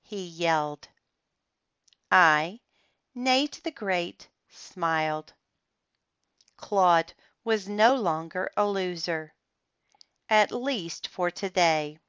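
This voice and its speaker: A woman reads a children's book aloud, slow and deliberate, with an expressive, lively lilt. Her voice is bright and smooth. The recording is dry and somewhat dull. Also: on the low side, no echo. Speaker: storybook reader. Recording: slightly dull, muffled recording.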